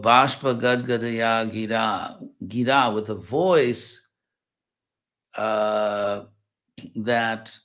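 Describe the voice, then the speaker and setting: A man giving a scripture class, explaining Sanskrit verse word by word in a thoughtful, unhurried way. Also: fairly low pitch. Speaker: scripture teacher.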